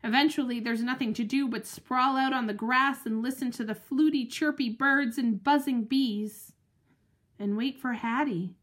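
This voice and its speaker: A woman reading a children's storybook aloud with animated, dramatic expression, telling it as the dog. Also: on the high side, normal speed. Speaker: audiobook narrator.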